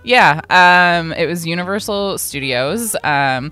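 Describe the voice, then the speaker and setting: A woman in her twenties chatting casually on a podcast, an animated storyteller who swears freely. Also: lowish voice, a little slow, soft background music. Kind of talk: casual chat.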